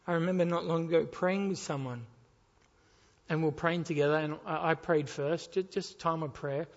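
A man preaching a sermon, swinging between loud urgent appeals and quiet, pleading questions. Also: on the high side, steady tone, moderate pace. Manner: impassioned, rising and falling between loud appeals and quiet pleas. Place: church hall. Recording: dull reverberant hall sound.

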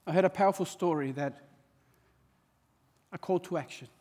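High-voiced impassioned preacher man. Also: moderate pace, darkish tone, big-room sound. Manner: impassioned, repeats words when stirred. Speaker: pastor. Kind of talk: sermon.

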